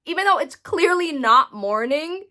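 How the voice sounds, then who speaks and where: A woman's voice: sits high, expressive, measured pace, sharp tone. A woman giving comedic movie commentary, sarcastic and incredulous, swearing freely. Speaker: movie reviewer.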